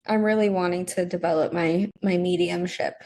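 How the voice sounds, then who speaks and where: A woman's voice: fairly low pitch, fairly even intonation, a little mellow. A woman co-hosting a podcast, chatting casually and affirming her partner often. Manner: supportive listener, quick affirmations. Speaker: podcast co-host. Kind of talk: casual chat.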